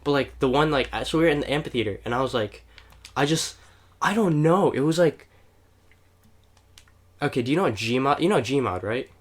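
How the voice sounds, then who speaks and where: A man's voice: mid-range voice, expressive, normal speed, pauses often. A young man telling a personal story on a casual podcast, rambling with many fillers and curse words. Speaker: podcast co-host. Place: home, playing a video game while recording.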